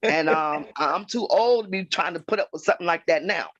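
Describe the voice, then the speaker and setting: Frank high-voiced church elder. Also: male voice, brisk, fairly bright tone, dry recording, dull audio. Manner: frank, clears throat often, chuckles while talking. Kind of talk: casual group discussion. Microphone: video call.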